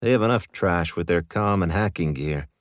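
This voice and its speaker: A man's voice: low voice, normal speed, dry recording, studio quality, close to an everyday voice. A man doing a blunt military major. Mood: firm. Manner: blunt, commanding. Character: blunt male military major, team leader.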